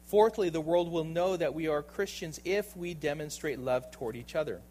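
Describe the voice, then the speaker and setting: A fairly high-voiced man preaches with emphatic conviction, asking rhetorical questions and checking in with "right?". His delivery swings from loud, driving bursts down to quiet, low asides. A faint hum sits behind him. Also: normal speed, poor audio. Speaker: pastor. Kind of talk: sermon.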